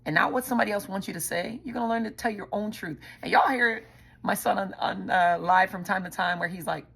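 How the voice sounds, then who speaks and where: A woman's voice: medium pitch, a little fast, vocal fry, a bit bright, husky. A middle-aged woman hosting a show, telling a personal story in a blunt, profane, conversational way and speaking straight to her listeners. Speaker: podcast host.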